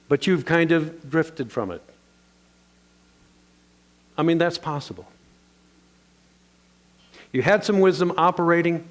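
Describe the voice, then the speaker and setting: A pastor delivers his sermon in a slightly high, lively male voice. He is playful and animated and keeps calling on the congregation to answer back.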